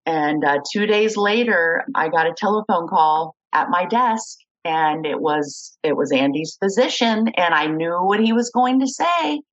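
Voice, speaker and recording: A woman's voice: fairly low pitch, lively intonation, measured pace, hardly any pauses, muffled recording. A middle-aged woman tells her personal story in an interview, acting out the voices of the people she quotes. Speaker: guest, kidney donor.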